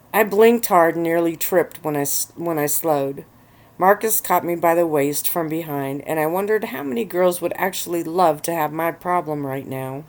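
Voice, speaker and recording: Woman, low pitch, relaxed, ASMR storytelling, at home on a bed. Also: moderate pace. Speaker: narrator.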